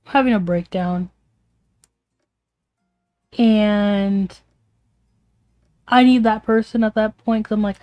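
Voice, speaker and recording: A woman's voice: medium pitch, measured pace, pauses often, a little mellow, no room sound. A young woman streamer venting in a casual, rambling way, emotional and swearing often.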